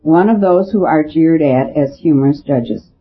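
A man narrating a storybook as an audiobook reader, reading in a measured, steady way. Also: a little high, husky. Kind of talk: scripted narration. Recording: dull lo-fi with faint hiss.

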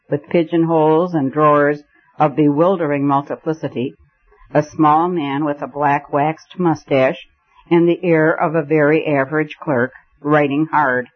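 A man narrating a story aloud in a measured, even storytelling voice. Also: on the high side, muffled recording. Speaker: audiobook narrator. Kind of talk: scripted narration.

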